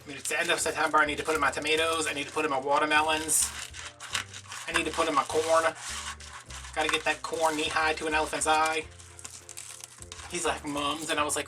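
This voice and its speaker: A man's voice: a little high, flat delivery, brisk, pauses often, recorded from a distance, over music. A man from Louisiana, chatting through a rambling, sarcastic story in a casual vlog. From Louisiana, USA. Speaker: crafting vlogger.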